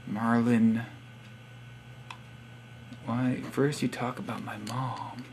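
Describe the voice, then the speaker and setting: A man's voice: mid-range voice, flat delivery, very slow, long pauses, a little mellow, slight background noise. A young man reading out subscriber profiles in a casual, sarcastic, teasing monologue. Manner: sarcastic teasing, reads profiles aloud with wry asides. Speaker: vlogger giving subscriber shoutouts.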